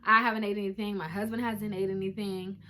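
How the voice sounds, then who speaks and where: A woman's voice: mid-range voice, little pitch movement, quick pace, sharp tone, slight background noise. Chatty young woman telling a birth story. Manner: chatty, emotional, addresses viewers directly. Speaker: vlogger. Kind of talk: casual storytime to camera. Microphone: phone camera.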